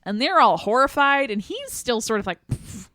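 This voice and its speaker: A woman co-hosting a casual film podcast, animated and quick to laugh, sometimes acting out characters in a raised voice. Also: no echo, clean studio sound. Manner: animated, laughs often, acts out characters in a high voice. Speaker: podcast co-host.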